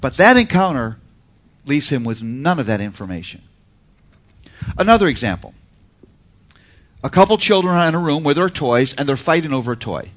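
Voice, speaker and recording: A man lectures a class with emphatic energy and pointed rhetorical questions. His voice sits a little high and moves animatedly through a wide range. The recording is slightly dull and lo-fi. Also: a bit bright. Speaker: teacher on Christian parenting.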